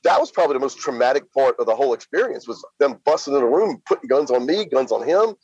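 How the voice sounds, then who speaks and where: A husky-voiced middle-aged man with a drawl talks through his story in a plain, halting way, leaning on fillers. The sound is dry and a little dull, like a lo-fi podcast line. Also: medium pitch, lively intonation, a little mellow, no room sound. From Louisiana. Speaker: interview guest. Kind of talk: casual spoken storytelling.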